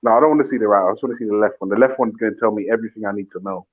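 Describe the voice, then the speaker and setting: A man's voice: on the low side, rapid-fire. A man hosting a casual online call-in show, loose and joking, often restarting his sentences. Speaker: show host. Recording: dull lo-fi call audio with faint noise.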